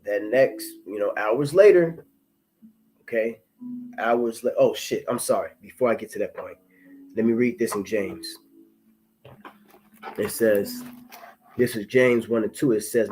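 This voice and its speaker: The audio is poor, with a little hiss or hum, as a man with a fairly low, darkish voice shares a profane, rambling testimony. He keeps restarting and repeating himself, then reads scripture more slowly.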